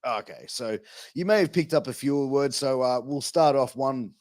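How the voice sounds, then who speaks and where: A man's voice: mid-range voice, normal speed, darkish tone, dry recording. A man with an Australian accent, hosting a podcast interview in a laid-back, chummy way, full of slang. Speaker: podcast host. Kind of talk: casual interview.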